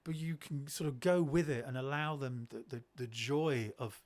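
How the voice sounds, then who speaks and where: A middle-aged man, a podcast guest telling classroom stories in a lively way, often restarting his sentences. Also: mid-range voice, moderate pace. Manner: animated, acts out children's voices, frequent restarts. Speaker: guest, education speaker. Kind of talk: conversational storytelling.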